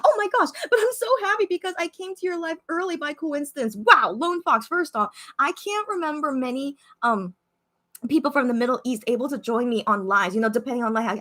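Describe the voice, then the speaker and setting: A young woman with a high, bright voice talks to her livestream viewers in a loose, excitable way. She reads their comments aloud, stumbles over her words and circles back with lots of fillers. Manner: chatty, excitable, many fillers and restarts. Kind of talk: casual live-stream chat. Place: Korea.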